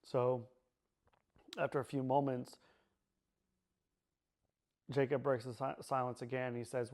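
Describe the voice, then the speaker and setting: Flat-voiced man recounting a painful memory. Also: medium pitch. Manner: halting, repeats himself, many fillers. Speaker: survivor sharing his personal story. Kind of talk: personal testimony.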